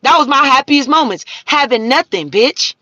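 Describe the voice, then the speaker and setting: Woman, thirties, high pitched, dry, muffled sound, confrontational livestream rant. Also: lively intonation, moderate pace, sharp tone, dry recording. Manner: profane, confrontational ranting. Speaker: livestream host. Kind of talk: ranting live stream.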